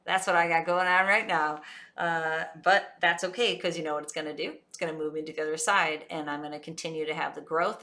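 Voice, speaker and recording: Bright, energetic woman coach. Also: lowish voice. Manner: energetic, emphatic, acts out quotes. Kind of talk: motivational talk to camera.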